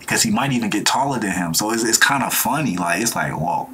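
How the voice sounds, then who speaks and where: A man hosting a reaction video, talking in a rambling, animated way and often laughing. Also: mid-range voice, fast, hardly any pauses, husky. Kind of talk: casual reaction commentary.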